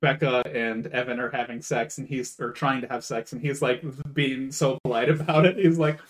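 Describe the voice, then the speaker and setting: Guy on a podcast recapping a movie, mid-pitched, keeps jumping into loud impressions of the characters. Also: moderate pace. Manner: animated, acts out quotes in raised voices. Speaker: podcast co-host. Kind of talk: casual chat, retelling a movie.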